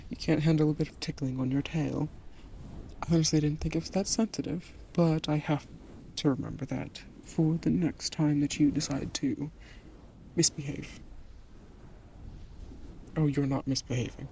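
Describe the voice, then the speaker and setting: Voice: medium pitch, steady tone, normal speed, pauses often, warm tone, a little hiss or hum, lightly acted. A voice actor in an audio role-play, playing a patient, teasing partner who calls the listener darling.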